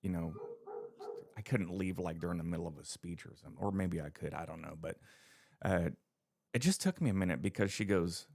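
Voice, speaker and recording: Gravelly low-voiced man telling stories. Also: a little fast, no echo, studio quality. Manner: animated storytelling, acts out quotes. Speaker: podcast co-host. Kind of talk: casual chat.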